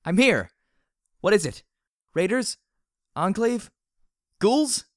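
A man reading an audiobook, voicing a blunt, tough young female pony who speaks loudly and directly. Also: medium pitch, lively intonation, unhurried, no room sound, clean studio sound, pitched above the performer's own voice, natural voice. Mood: alarmed, yelling. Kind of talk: audiobook character voice.

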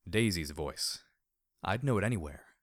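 A man's voice: deep voice, animated, unhurried, no room sound. A man reading first-person fiction aloud as an audiobook narrator, reflective with a dry, sardonic edge.

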